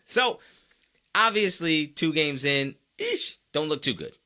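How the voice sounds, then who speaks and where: Animated man riffing on football stats. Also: fairly high pitch, slow pace. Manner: animated, playful, mock-quotes fans in exaggerated voices. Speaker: sports podcast host. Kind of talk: casual sports talk. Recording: mic close by.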